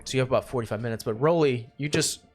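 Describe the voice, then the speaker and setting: A man narrating as game master of a tabletop game, halting with many "uh"s. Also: medium pitch, faint music behind.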